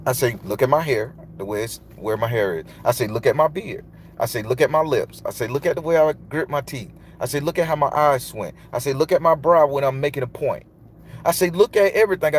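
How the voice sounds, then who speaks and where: A man's voice: medium pitch, slight background noise. A man, a tarot reader telling a long, loose, profane story in casual monologue. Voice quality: loose, profane, emphatic delivery.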